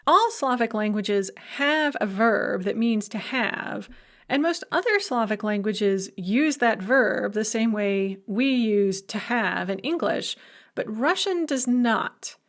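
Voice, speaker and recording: A woman lecturer giving a recorded language lesson, explaining grammar clearly with casual asides. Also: a little high, a bit bright. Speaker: university Russian lecturer.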